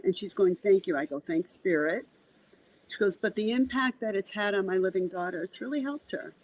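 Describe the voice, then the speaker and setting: A woman's voice: mid-range voice, moderate pace, a little hiss or hum, rough recording. A woman working as a medium, a podcast guest telling stories in a conversational way. She acts out the dialogue and often repeats words as she starts a sentence. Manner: animated, acts out dialogue in quotes. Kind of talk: conversational storytelling.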